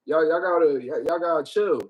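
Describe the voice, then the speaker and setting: A man hosting a livestream, talking casually with heavy profanity and animated storytelling. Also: a little high, fairly quick. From Puerto Rico. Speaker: livestream host.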